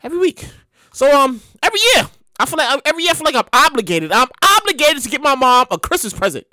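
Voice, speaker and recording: Brief: high, bright-voiced woman host telling a profane comic story. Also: fast, dry recording, studio quality. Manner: animated, profane, repeats herself for effect. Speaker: show host.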